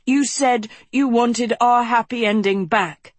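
A woman's voice: a little high, takes it slowly, no room sound, pitched above the performer's own voice. A woman voicing a young elfin boy who pleads with a wavering, tearful voice. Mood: urgent. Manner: pleading, voice wavering near tears.

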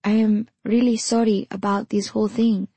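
A woman voicing a frail, weary mother in prison, with a soft, feeble, near-whispered voice. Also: medium pitch, flat delivery, normal speed, slightly rough, dry recording. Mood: apologetic. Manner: near-whispered, quiet delivery. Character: frail, weary imprisoned mother, tearful and tender.

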